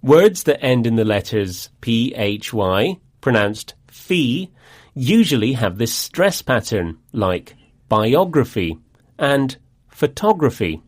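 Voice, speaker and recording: A man presenting an English lesson in a scripted dialogue, speaking in a clear, friendly and deliberate way. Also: medium pitch, big pitch swings.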